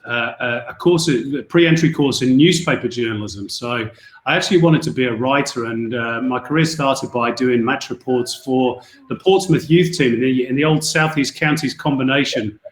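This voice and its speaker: A man talking easily as a guest on a podcast, relaxed and a little self-deprecating. His voice sits in a middle pitch. The sound is roomy with noticeable echo. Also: normal speed. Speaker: guest, football commentator. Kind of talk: casual podcast interview.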